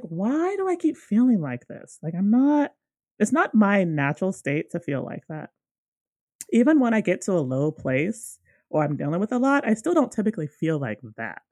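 A young woman co-hosting a podcast, telling a personal story in a casual, animated way with lots of fillers. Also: on the low side, no room sound, studio quality. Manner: animated, many fillers, acts out dialogue. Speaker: podcast co-host.

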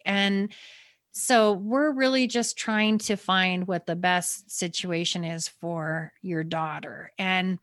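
A woman's voice: lowish voice, steady tone, a bit bright, no room sound. A woman hosting a podcast, telling her family's story in earnest, at times near tears. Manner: earnest, quick, stumbling over words. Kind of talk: emotional personal storytelling.

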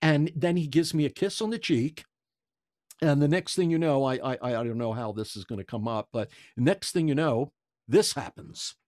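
A man in his sixties telling a lively story as an interview guest, stumbling and repeating words as he gets excited. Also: a little high, moderate pace, dry recording. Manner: animated storyteller, stammers and repeats. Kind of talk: casual anecdote telling.

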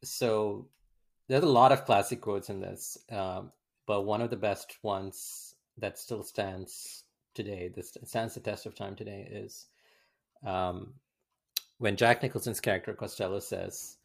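A man co-hosting a film podcast, talking casually with halting starts and frequent fillers. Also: lowish voice, steady tone, gravelly. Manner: halting, many fillers and restarts. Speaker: podcast co-host.

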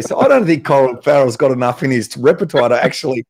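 A man's voice: medium pitch, animated, fast talker, hardly any pauses, a little mellow. A man hosting a casual interview in a matey, chatty way. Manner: matey, chatty, says "mate" often. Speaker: host.

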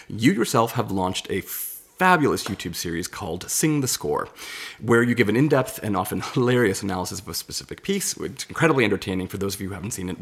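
Host: male, very low and husky, lively swooping delivery, complimentary. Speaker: podcast host, ensemble director. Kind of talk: interview questions.

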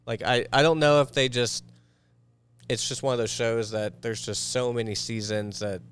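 A man co-hosting a casual podcast chat, explaining things in a relaxed way with fillers. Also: mid-range voice, normal speed, clear, resonant tone. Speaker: podcast co-host.

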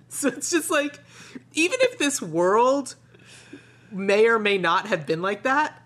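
A woman chatting casually on a podcast, telling stories with quick asides. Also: on the high side, sing-song, a bit bright. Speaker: podcast guest, screenwriter. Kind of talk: casual chat about a cartoon episode.

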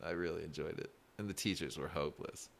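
A young man in casual chat, telling rambling, animated school stories full of "like" fillers and frequent laughs. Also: rumbling low, fast talker, vocal fry.

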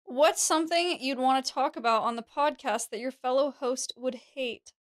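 Young woman co-host, higher voice, dry close sound, blunt teasing delivery. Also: moderate pace, no echo. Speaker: podcast co-host. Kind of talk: casual chat.

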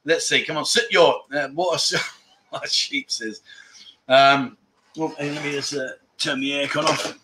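A man's voice: on the high side, fairly even intonation, unhurried, pushed and bright, slight background noise. A man hosting a casual livestream, reading viewer comments aloud and joking with the chat, laughing often. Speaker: livestream host. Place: room at home with aircon.

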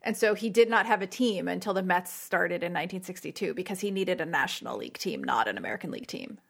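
A woman's voice: lowish voice, quick pace, gravelly, breathy edge. A woman co-hosting a movie podcast in casual, jokey chat. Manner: chatty, jokey. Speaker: podcast co-host.

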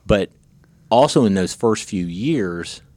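A man's voice: fairly low pitch, lively intonation, slow pace, darkish tone, dry recording. A man hosting a podcast, telling stories in casual chat, with many restarts and repeated words. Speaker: podcast host.

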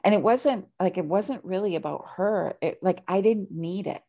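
A woman's voice: medium pitch, moderate pace, dark tone. A woman hosting a podcast, talking in a chatty, casual way with lots of fillers. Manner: chatty, many "like" fillers, laughs easily. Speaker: podcast host.

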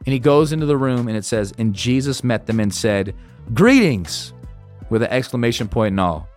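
A male pastor preaches on leadership in an emphatic, encouraging way. He lets important words stretch out slowly so they land. His voice sits at a medium pitch, with soft music playing faintly underneath. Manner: emphatic, slows right down to stress key phrases. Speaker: senior pastor.

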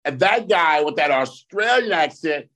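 A man co-hosting a casual podcast, telling animated, profane stories with sudden jumps in pitch. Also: a little slow. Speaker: podcast co-host.

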